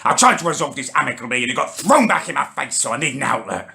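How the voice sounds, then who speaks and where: Ranting man, gravelly voice. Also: mid-range voice, very animated, quick pace. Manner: indignant, shouting ranting with Northern English slang. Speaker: comedy channel host. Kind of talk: comedic rant to camera.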